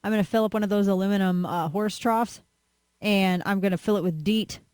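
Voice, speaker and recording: A woman's voice: mid-range voice, a little fast, a little mellow, no echo. Woman, talk radio host; sarcastic rambling rant, dry close-miked studio voice.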